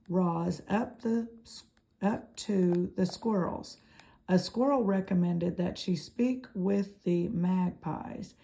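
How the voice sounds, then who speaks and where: Slow, gravelly woman reading aloud. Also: fairly low pitch, dark tone, rough recording. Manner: unhurried, with occasional slips and self-corrections. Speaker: reader. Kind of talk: reading a children's novel aloud.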